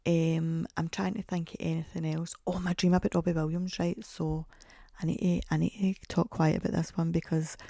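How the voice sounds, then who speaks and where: Gravelly woman rambling on a podcast. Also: lowish voice, flat delivery, moderate pace, mellow, dry recording, studio quality. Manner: chatty, rambling storyteller, self-mocking. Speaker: podcast host. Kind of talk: casual podcast monologue.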